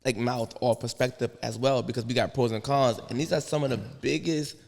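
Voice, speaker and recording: Gravelly-voiced man hosting a casual chat. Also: medium pitch, steady tone, brisk, a little mellow, in a large hall. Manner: blunt, joking, street slang. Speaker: podcast host.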